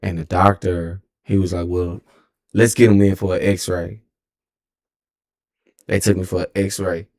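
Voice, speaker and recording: Telling a casual story on stream, a young Texan man in his twenties rambles, swears, and keeps correcting himself. His voice sits low with little pitch movement, a little slow and slightly mellow, broken by long pauses.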